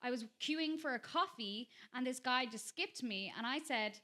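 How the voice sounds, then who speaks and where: Bright, high-voiced woman. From Ireland (Dublin). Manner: animated storytelling, quick bursts, laughs a lot. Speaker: stand-up comedian, guest. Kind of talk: casual comedic chat on a live podcast.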